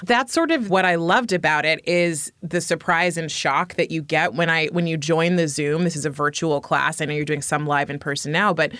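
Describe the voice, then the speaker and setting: A woman's voice: low voice, moderate pace, few pauses, fairly bright tone, no room sound, studio quality. A woman hosting a casual interview, chatty and bubbly as she asks questions. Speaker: podcast host.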